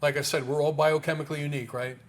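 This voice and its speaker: A man's voice: a little high, little pitch movement, rapid-fire. A man in an interview talking casually about health research, emphatic, with rhetorical questions and frequent restarts.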